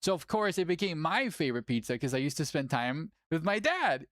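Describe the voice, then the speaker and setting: A tournament host chatting casually on a livestream, animated, laughing often and swearing casually. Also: mid-range voice, a little fast, no room sound, studio quality.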